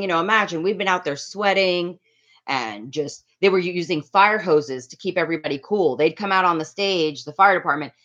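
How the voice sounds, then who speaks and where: A woman's voice: lowish voice, fairly bright tone. A middle-aged woman from the Miami area telling a casual story to a livestream chat, rambling and reading out viewer names as she goes. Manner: chatty, reads out viewer names. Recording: slightly dull lo-fi audio.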